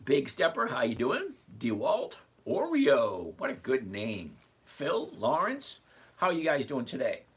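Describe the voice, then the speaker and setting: A man's voice: mid-range voice, wildly swooping pitch, measured pace, husky. A man in his sixties hosting a casual investing livestream, chatty and greeting viewers by name as he goes. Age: 60s.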